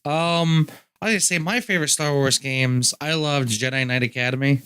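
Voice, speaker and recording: A man's voice: medium pitch, moderate pace, bright, forceful tone, clean tone, dry recording, studio quality. A man co-hosting a gaming podcast, chatting casually, teasing and steering the talk with questions. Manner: joking, steers the topic with questions. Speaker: podcast co-host. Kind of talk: casual chat.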